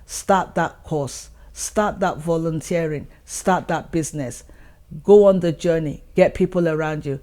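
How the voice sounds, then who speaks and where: A woman's voice: deep voice, normal speed, dark tone. Earnest woman giving a motivational talk. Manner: earnest, repeats points for emphasis. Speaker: channel host.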